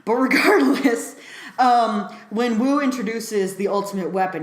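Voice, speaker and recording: A woman's voice: fairly high pitch, expressive, a little slow, echoey room. A woman giving a casual film review, talking chattily with lots of fillers and frequent laughs.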